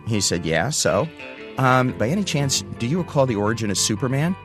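A man in his sixties from the United States telling a first-person story, animated and acting out the voices of the people he quotes. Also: mid-range voice, fast. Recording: guitar music underneath.

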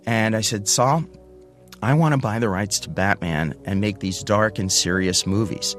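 An older man from the United States recounts his own story with animated energy, slipping into the voices of others as he goes. His voice sits on the low side. Guitar music plays clearly beneath him. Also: moderate pace. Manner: animated, acts out quoted voices. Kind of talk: first-person storytelling.

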